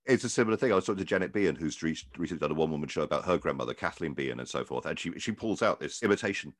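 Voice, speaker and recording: A man interviewing a guest, asking quick, slightly halting questions. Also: rumbling low, expressive, no room sound, studio quality.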